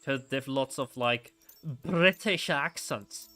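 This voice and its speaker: A man's voice: medium pitch, slow, pushed and bright, soft background music. A man giving casual let's-play commentary while playing a story game, rambling with frequent chuckles and restarts.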